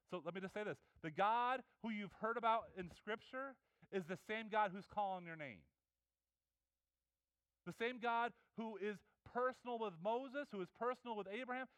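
Guy preaching, high voice, smooth and clear, dry close sound, talks earnest like he's chatting with you. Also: a little fast, a bit bright, dry recording. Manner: earnest, conversational preaching with many restarts. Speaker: pastor. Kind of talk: sermon.

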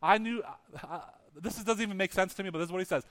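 A man's voice: high voice, racing, fairly bright tone. A male pastor preaching a sermon, telling a story with lots of animation and acting out the characters' lines, often restarting and repeating words.

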